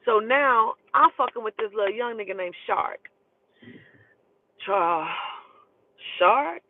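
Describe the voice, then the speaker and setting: A woman's voice: fairly high pitch, takes it slowly. A woman telling a personal story in casual, profane speech, acting out the people in it as she goes. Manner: profane, animated, acts out the people in her story. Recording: tinny phone-like sound, dry.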